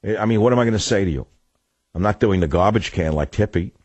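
Low, husky New radio host. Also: male voice, quick pace, darkish tone, no room sound, dull audio. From New York. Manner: rambling, digressive, sardonic storytelling. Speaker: radio talk show host. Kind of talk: talk radio monologue.

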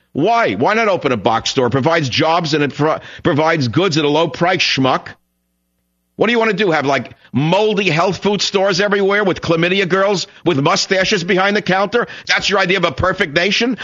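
A man's voice: mid-range voice, fairly bright tone, dull audio. A man in his sixties hosting a talk radio show, delivering an opinionated monologue in a combative, sarcastic manner full of rhetorical questions.

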